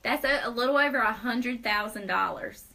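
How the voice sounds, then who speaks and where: A bright, high-pitched young woman hosts a casual live video chat. She talks in an upbeat, persuasive way and laughs often. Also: normal speed, gravelly, poor audio. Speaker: host.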